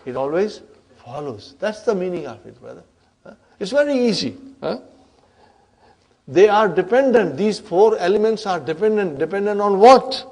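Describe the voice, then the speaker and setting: Slow, high-voiced male Arabic grammar teacher. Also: darkish tone. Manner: checks understanding with frequent "huh?" and "brothers and sisters"; repeats and spells out grammar terms step by step. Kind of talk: classroom lecture.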